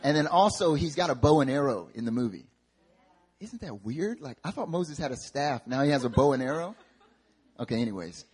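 A pastor preaching a sermon in an animated, joking, conversational way. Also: male voice, medium pitch, slightly rough. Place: church service.

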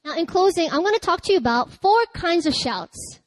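High-voiced woman pastor preaching with dry closeness. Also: brisk, no echo, low-quality recording. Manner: lively, chatty preaching with laughter and loud cries. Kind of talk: sermon.

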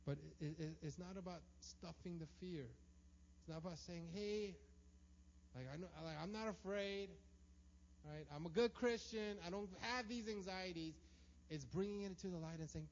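A man's voice: high-pitched, normal speed. A man preaching a sermon, emphatic and acting out the prayers and voices he quotes. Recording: dull lo-fi sound.

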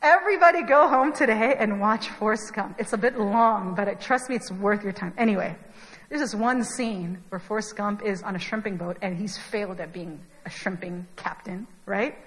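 A young woman preaching a conversational sermon, telling the story in an animated, chatty way with asides to the congregation. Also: medium pitch, moderate pace. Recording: long hall reverb.

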